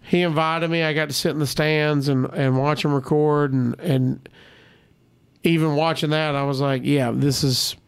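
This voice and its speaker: A man's voice: fairly high pitch, normal speed, smooth. A man, a comedian guest, telling stories in casual podcast chat and acting out the people he quotes. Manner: animated storyteller, acts out quotes.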